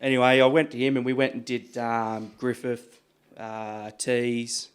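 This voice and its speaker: An Australian man telling stories in a casual podcast chat, animated and swearing freely. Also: medium pitch, a little slow, smooth. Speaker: podcast guest, butcher. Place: podcast studio.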